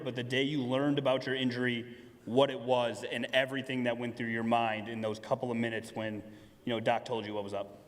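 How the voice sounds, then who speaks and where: A man co-hosting a live stage show, asking measured, probing interview questions. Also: medium pitch. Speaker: producer and co-host. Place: large hall before a live audience. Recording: long hall reverb.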